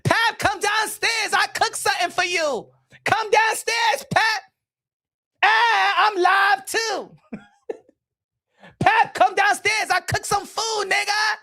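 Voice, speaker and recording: A man voicing a wife who mockingly shouts up to her husband, in sing-song calls. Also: very high voice, fairly even intonation, slow pace, pitched above the performer's own voice, heavily acted. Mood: teasing. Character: a wife teasing her husband to come downstairs.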